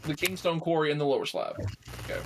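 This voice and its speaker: A man talking as a player in a tabletop game, halting and full of fillers and restarts. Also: fairly high pitch, huge pitch swings, creaky, background noise. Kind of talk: casual tabletop game chat.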